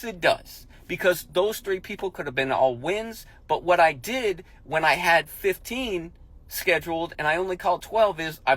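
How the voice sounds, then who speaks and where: A man delivering a motivational talk in a punchy, coach-like way, hammering his points home by repeating them. His voice sits at an ordinary middle pitch for a man. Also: a bit bright, no echo. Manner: emphatic, repetitive, coach-like pep talk. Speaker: motivational speaker. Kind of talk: motivational monologue.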